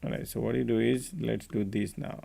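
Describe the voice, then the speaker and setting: A man's voice: on the low side, steady tone, a little fast, vocal fry, mellow, slightly rough. A man hosting a live trading stream, giving casual market commentary and chatting with viewers by name.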